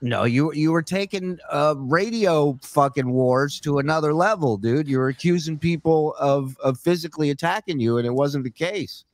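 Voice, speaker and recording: A man's voice: on the high side, normal speed, few pauses, dry recording. A male podcast host, sarcastic and blunt, grilling a guest about his story. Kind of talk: casual podcast chat.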